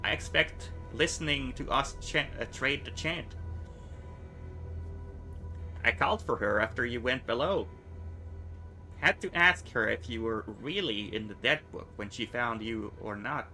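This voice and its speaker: A man voicing a sly, crippled older fixer in a video game, mock-courteous and quietly dangerous. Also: mid-range voice, animated, unhurried, pauses often, soft background music, exaggerated voice.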